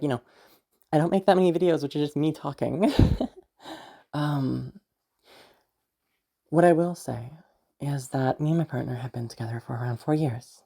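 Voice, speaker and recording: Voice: medium pitch, vocal fry, dark tone. A young adult YouTube voice creator chatting casually to camera, rambling with frequent fillers and giggles. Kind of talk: casual vlog talk to camera.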